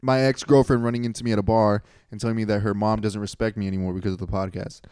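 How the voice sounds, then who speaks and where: There's a fast, lowish, clean-toned voice here, belonging to a young co-host of a comedy podcast in his twenties. He rambles through a story, repeatedly correcting himself and perking up when he voices his friends, in a clean studio recording with no room sound.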